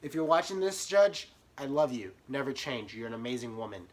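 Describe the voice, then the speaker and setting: A young man telling a comic story about himself, animated, swinging from muttered asides to sudden yelps. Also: medium pitch, fairly quick, slight background noise. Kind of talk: comedic storytime monologue.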